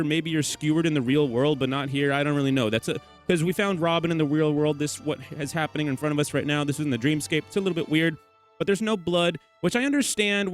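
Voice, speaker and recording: A young man who hosts a gaming theory channel, talking casually over game footage in a teasing, rambling way and correcting himself as he goes. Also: fairly high pitch. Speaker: gaming theory video host.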